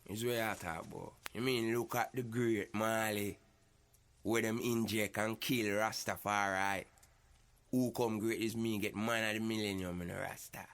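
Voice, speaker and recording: A man's voice: lowish voice, steady tone, a bit bright. A man playing a hot-tempered Rastafarian guest on a talk show, speaking with a Jamaican accent in a preachy, combative way. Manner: preachy, combative, quick to threaten. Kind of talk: comedy sketch acting.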